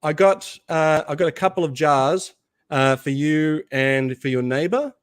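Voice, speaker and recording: A man's voice: a little high, measured pace, clean tone, no room sound, clean studio sound. An Australian man chatting casually as co-host, talking easily and laughing often. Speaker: podcast co-host. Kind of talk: casual chat.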